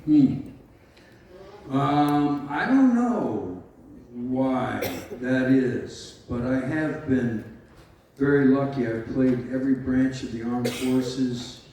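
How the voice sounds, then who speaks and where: A man's voice: mid-range voice, slow pace, a little mellow, far from the mic. An American man in his sixties, a guest at a convention panel, telling rambling, joking stories with lots of fillers. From United States. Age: 60s. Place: large convention hall. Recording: echoey hall, heard from afar, faint noise.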